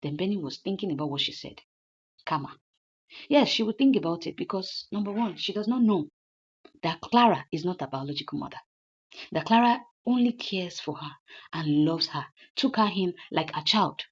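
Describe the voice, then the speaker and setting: Husky woman casually retelling a story. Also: on the low side, expressive, moderate pace. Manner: retells a story in loose conversational narration, repeating lines. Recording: dull lo-fi recording.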